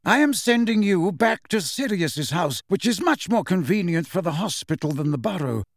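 A commanding elderly wizard headmaster, as a male audiobook reader puts him on, measured and authoritative. The voice sits high and lively in pitch, close and dry. Storybook narration. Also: no echo, exaggerated voice. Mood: grave, urgent. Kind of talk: audiobook character voice.

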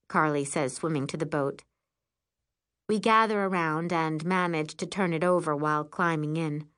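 A woman narrating a first-person storybook in an expressive, lively way. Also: low voice, moderate pace, smooth.

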